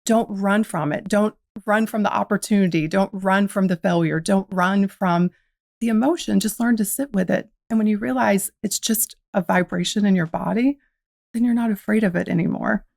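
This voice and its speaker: Gravelly woman. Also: medium pitch, normal speed, a little mellow, dry recording, clean studio sound. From American South. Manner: reflective, uses quoted inner dialogue. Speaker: podcast guest, founder. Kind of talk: casual interview storytelling.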